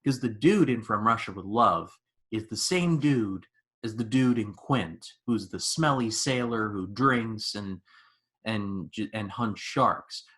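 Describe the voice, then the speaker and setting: Taking it slowly in a lowish voice, a man in his twenties chats about films on his podcast. He's an animated storyteller whose casual reviews are full of "like."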